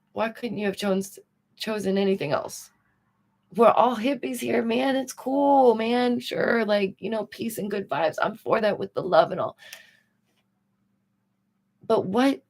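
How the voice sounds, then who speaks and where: A woman hosting a commentary livestream, talking casually and animatedly to her audience with rhetorical questions. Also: mid-range voice. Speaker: commentary streamer.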